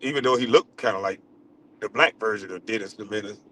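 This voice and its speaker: A man's voice: fairly low pitch, quick pace, sharp tone. A middle-aged man, talking loosely and playfully to his viewers in a casual vlog. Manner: loose, playful, talks to viewers, swears freely. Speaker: vlogger.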